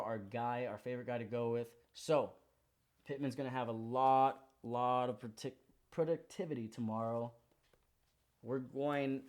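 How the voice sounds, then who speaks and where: A young man with a medium-pitched, somewhat dark voice hosts a sports betting show. He runs through his picks in a casual rundown, sounding slangy, hyped and confident.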